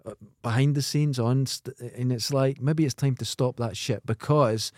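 A man's voice: medium pitch, fairly even intonation, moderate pace, darkish tone, no room sound, clean studio sound. A Scottish man co-hosting a podcast, chatting casually and crudely about a film and telling jokes. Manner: crude, joking, tells jokes with put-on voices. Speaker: podcast co-host. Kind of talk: casual film review chat.

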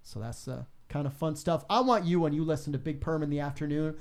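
Animated radio DJ man, fairly high. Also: fast. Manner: animated, acts out callers with big pitch jumps. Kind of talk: casual interview, storytelling.

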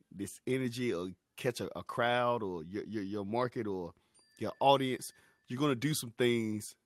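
A young man hosting a sports talk podcast, talking in a loose, animated way with lots of fillers. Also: medium pitch, dry recording, studio quality. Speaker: podcast host.

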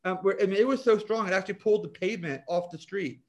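A man guest on a podcast, a chemist and author, telling animated anecdotes with frequent restarts. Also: sits high, fast, muffled recording. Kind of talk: interview storytelling.

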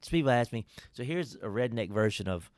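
A man's voice: medium pitch, lively intonation, fairly quick, darkish tone, dry recording, clean studio sound. A man, a pastor co-hosting a casual Bible-study chat, emphatic and folksy with preacherly asides.

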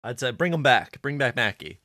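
A young man co-hosting a podcast, talking casually with many fillers and quick laughs. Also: medium pitch, very animated, pushed and bright, dry recording, studio quality. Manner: rambling, lots of "like", quick laughs. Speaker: podcast co-host. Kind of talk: casual chat.

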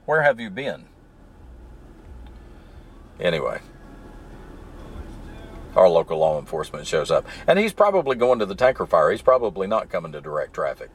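Low male voice, mild Southern accent, relaxed solo podcast host chatting from his truck, wandering off on asides. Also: a little fast, long pauses, husky. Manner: rambling, easygoing, digressive. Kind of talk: casual solo storytelling while driving. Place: in his truck stuck in traffic.

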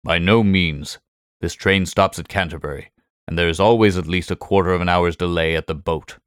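A man voicing a cool, brilliant middle-aged detective who speaks in a calm, measured, quietly superior way. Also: deep voice, smooth, no echo, clean studio sound, natural voice. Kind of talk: audiobook character voice.

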